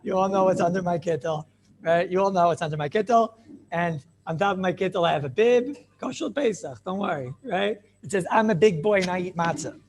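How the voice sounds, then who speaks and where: A man teaching a lively Torah class as a rabbi, playful and theatrical, mixing in Yiddish and Hebrew terms. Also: sits high, brisk, echoey room, a little hiss or hum.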